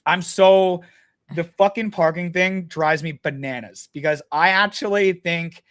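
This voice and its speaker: Male podcast guest with a high-set voice, blunt and profane, animated anecdotes. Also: a little slow. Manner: blunt, heavy swearing, animated retelling. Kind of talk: casual storytelling chat.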